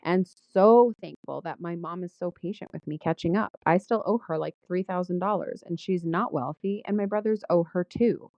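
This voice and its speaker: A low-pitched woman hosting a podcast, speaking in an earnest, list-like rhythm as she works through one heartfelt line after another. The sound is dull and lo-fi, with a dry, close, roomless quality. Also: normal speed, hardly any pauses, dry recording. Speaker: podcast host. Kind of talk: spoken gratitude journal, podcast monologue.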